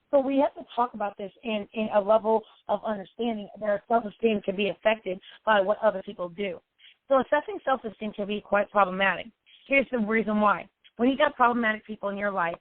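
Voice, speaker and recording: A woman's voice: no echo, narrow, tinny audio. A woman life coach talking personally to her followers, emotional and repetitive. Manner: emotional, repetitive, sometimes cries out high.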